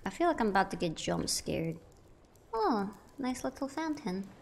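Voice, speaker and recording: A woman's voice: mid-range voice, sing-song, normal speed, creaky, slight background noise. A young woman giving casual, playful commentary while playing a video game, chatting to the objects she finds. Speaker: let's play gamer.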